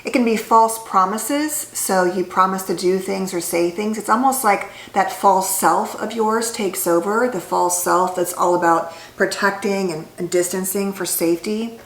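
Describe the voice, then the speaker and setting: A woman's voice: mid-range voice, unhurried, hardly any pauses. A woman psychologist talking to camera in a casual, conversational way about healing, with many fillers and restarts. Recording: echoey room.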